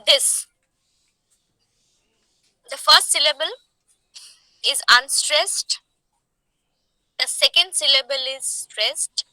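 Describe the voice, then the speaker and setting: A woman teaching poetic meter, explaining slowly and asking rhetorical questions. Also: high voice, pushed and bright, dry recording, low-quality recording. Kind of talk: poetry meter lesson.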